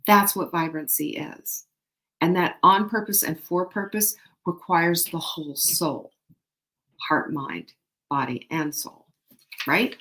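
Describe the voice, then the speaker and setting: A woman's voice: on the low side, a bit bright. A middle-aged woman hosting a show, giving motivational tips in an emphatic, conversational way and repeating key phrases. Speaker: show host.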